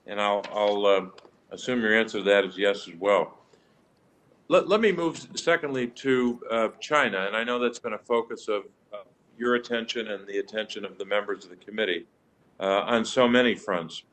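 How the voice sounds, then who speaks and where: A man, a senator joining a hearing remotely, making measured formal remarks and questions with small restarts. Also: on the low side, fairly bright tone, poor audio. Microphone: joining remotely over the web.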